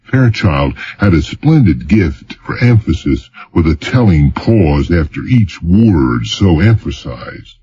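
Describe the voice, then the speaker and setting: A man narrating a thriller audiobook in measured, dramatic storytelling. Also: a bass voice, very animated, warm tone, husky, highs cut off. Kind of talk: scripted narration.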